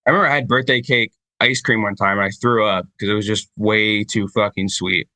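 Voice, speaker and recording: Guest spot: man from Michigan, casual rambling talker, swears a lot, bright forceful tone, slightly low voice, dry close sound. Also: fairly even intonation, a little fast, no echo. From Michigan, United States. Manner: rambling storyteller, heavy swearing, many fillers. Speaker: podcast guest, band vocalist. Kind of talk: casual chat.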